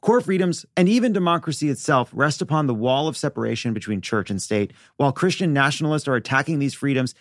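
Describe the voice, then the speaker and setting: A man reading a scripted advertisement in an earnest, measured way, slowing down for the web address. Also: mid-range voice, dry recording, clean studio sound. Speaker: ad announcer. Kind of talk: scripted ad read.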